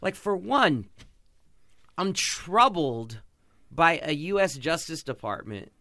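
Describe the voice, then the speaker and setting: A man's voice: on the high side, very animated, takes it slowly, sharp tone, no room sound, studio quality. A man hosting a podcast, giving passionate, sarcastic sports commentary. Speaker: podcast host.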